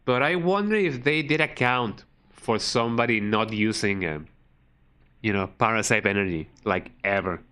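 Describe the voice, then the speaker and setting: Low-voiced man rambling over his game. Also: normal speed, fairly bright tone, clear, resonant tone. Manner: rambling and jokey, trails off with "you know". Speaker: game streamer. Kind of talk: casual live-stream commentary.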